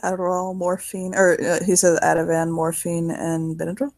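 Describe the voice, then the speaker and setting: A woman's voice: fairly low pitch, completely flat delivery, moderate pace, a little mellow. A woman casually narrating her part in a spoken role-play, giggly and loose with lots of filler words.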